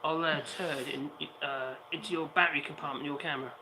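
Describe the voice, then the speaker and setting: Fast-talking man, high voice. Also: steady tone, pushed and bright, slight background noise, poor audio. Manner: fast, teasing, repeats words. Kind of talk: casual chat.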